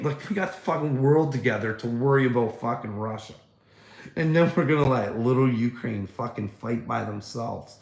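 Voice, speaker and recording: Man on a livestream, mocking and profane, laughs a lot, gravelly voice, roomy echo. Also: medium pitch, darkish tone. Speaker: livestreamer talking to chat. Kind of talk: casual livestream chat.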